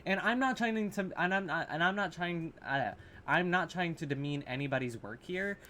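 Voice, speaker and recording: A man's voice: on the high side, normal speed, pushed and bright, slight background noise. Blunt, sarcastic man reacting to clips. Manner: blunt, sarcastic, swears freely, rambling restarts. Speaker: reaction video host. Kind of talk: casual reaction commentary.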